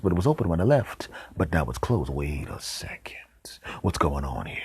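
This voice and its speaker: A man hosting a podcast, telling a comic story in a deadpan way with dramatic pauses and whispered asides. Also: low-pitched, slightly rough, no echo. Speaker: podcast host.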